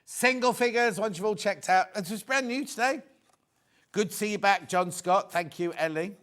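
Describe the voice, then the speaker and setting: A middle-aged man hosts a live shopping broadcast, talking in a somewhat high voice. He rambles through anecdotes and jokey asides between quoting prices. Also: moderate pace, a bit bright. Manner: chatty, rambling, joking asides. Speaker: shopping channel presenter. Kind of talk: live TV sales chat.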